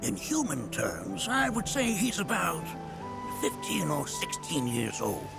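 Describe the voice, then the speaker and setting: An actor voicing a wise, chuckling old male sage in a video game, speaking in a slow, kindly, grandfatherly way over game music. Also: a little high, huge pitch swings, exaggerated voice. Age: older. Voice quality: gravelly, chuckling. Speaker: elderly scholar character in a video game.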